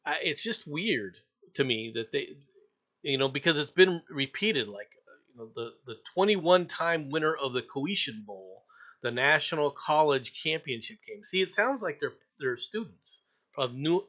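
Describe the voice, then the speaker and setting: An American man co-hosting a casual news stream, opinionated and quick to laugh. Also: fairly high pitch, muffled recording. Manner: animated, opinionated, laughs often. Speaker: co-host reading news stories.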